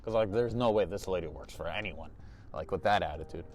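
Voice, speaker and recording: A man's voice: low-pitched, a little fast, soft background music. Chatty teen boy telling a story. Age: teens. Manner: animated, chatty, exasperated asides. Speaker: youtuber. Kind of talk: casual storytime vlog.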